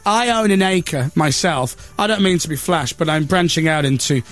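A man's voice: fairly high pitch, normal speed, a bit bright, faint music behind. A man hosting a radio breakfast show, chatting and reading a newspaper story aloud with sarcastic, mocking asides. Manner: sarcastic, mocking, self-deprecating. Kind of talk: casual on-air banter, reading a newspaper aloud. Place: radio studio. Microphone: studio microphone.

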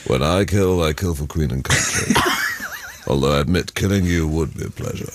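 Man impersonating a suave gentleman spy, languid drawl, very deep voice, wide swooping pitch. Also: huge pitch swings, moderate pace, noisy background. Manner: smooth, languid drawl, sudden shouts. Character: suave, calm British spy-actor impression. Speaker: radio guest.

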